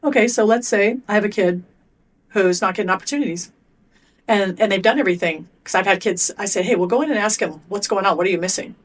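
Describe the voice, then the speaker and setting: A woman's voice: mid-range voice, fast. A middle-aged woman being interviewed as a performance coach, telling blunt stories and acting out both sides of conversations. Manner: animated storyteller acting out coach and athlete exchanges; blunt, swears casually. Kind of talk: podcast interview.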